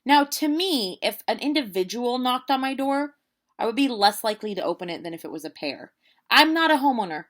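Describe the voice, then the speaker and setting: Woman, late 20s, vlogger, lively casual storyteller. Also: on the high side, a little fast. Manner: animated, chatty storytelling with quoted voices.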